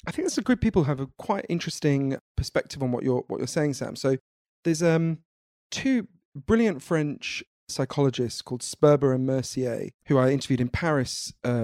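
A man from the United Kingdom, a guest author in an interview, explaining ideas in an animated, lively way. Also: mid-range voice, fairly quick, no echo, studio quality. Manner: animated, explanatory, laughs easily. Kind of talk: conversational interview.

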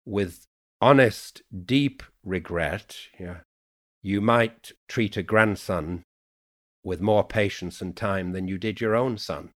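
A poet from Yorkshire in a reflective podcast conversation, speaking with a mixed Yorkshire, Irish and Americanized accent and musing unhurriedly, full of "you know"s. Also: male voice, fairly low pitch, takes it slowly. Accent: mixed Yorkshire, Irish and Americanized English. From Yorkshire, England. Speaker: poet guest.

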